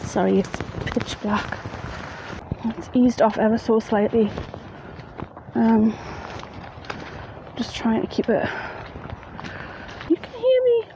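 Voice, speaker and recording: A woman's voice: a little high, steady tone, slow, creaky, long pauses, highs cut off. A woman telling a ghost story in a chatty, plain-spoken way, outdoors at night in the rain. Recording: faint rain noise behind.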